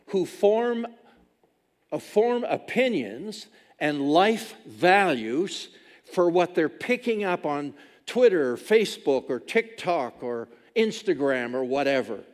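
A man's voice: a little high, big pitch swings, takes it slowly. A man, preaching a sermon as a pastor with emphatic, repeated phrases. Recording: long reverb of a large hall.

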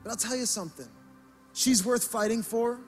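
High-voiced passionate male preacher. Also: moderate pace, soft background music. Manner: passionate preaching, rising to loud emphatic peaks. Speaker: pastor. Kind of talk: sermon.

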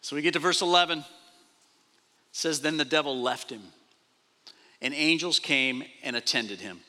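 A man pastor preaching a sermon, animated, repeating phrases and acting out quoted speech. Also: a little high, normal speed. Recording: long reverb of a large hall.

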